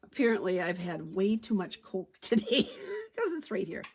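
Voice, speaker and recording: A stamping demonstrator gives a chatty card-stamping tutorial, thinking aloud as she works. Her mid-range voice is animated, gravelly, husky, and darkish in tone, moving at a moderate pace.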